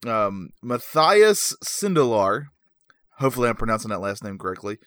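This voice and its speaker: A man's voice: lowish voice, sing-song, normal speed, a bit bright, no room sound, studio quality. Easygoing man telling a story on a podcast. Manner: easygoing, self-deprecating with frequent fillers. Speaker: podcast co-host. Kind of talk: casual chat, storytelling.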